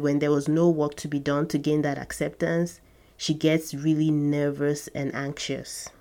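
A woman with a lowish voice talks slowly and unhurriedly as a podcast host. She tells a personal story to her listeners, earnest and reflective, and breaks into short laughs now and then.

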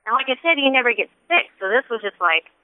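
A woman shares a personal faith testimony in an earnest, animated way, acting out the quotes she tells. Her voice is a little high and smooth. It sounds dry and tinny, as if it came over a phone line. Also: quick pace, dry recording. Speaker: guest sharing a testimony. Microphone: telephone.

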